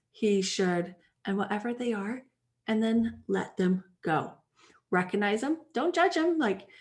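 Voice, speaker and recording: A woman talks through her own podcast in an easy, conversational way. Her pitch sits in a middle range for a woman. She is chatty and animated, and she slips into quoted dialogue to act out little exchanges. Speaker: podcast host and life coach. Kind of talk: casual podcast monologue.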